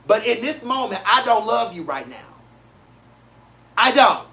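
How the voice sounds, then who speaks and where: A show host from St. Louis rants in a casual, blunt way, hammering his points with repetition. His voice is bright and forward, his delivery emphatic and profane. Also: extremely high pitch, very animated, unhurried. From St. Louis, Missouri, USA. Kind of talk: casual solo talk-show rant.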